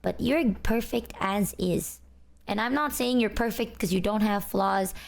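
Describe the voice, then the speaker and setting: Relaxed low-key young woman chatting. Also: unhurried, vocal fry. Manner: relaxed, low-energy off-stream voice. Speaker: streamer. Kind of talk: casual chat.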